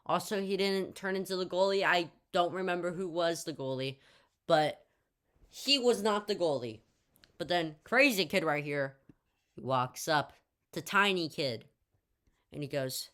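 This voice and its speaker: A woman's voice: low-pitched, moderate pace, fairly bright tone, clear, resonant tone. Rambling young woman telling a story. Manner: rambling, full of jokey asides. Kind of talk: casual storytime narration.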